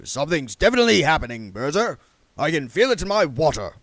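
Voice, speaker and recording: A blustering, impatient old wizard chief who barks and booms, as a man acts him out. He pushes his voice up and out, loud and forceful, in a dry, close recording. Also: sing-song, a little fast, no room sound. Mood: brusque. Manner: bellowing, indignant.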